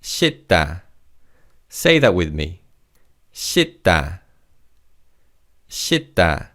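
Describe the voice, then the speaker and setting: Male language tutor, lowish gravelly voice, upbeat and encouraging. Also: fairly bright tone. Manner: encouraging, repeats each word slowly for learners. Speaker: Korean language teacher. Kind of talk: scripted language lesson.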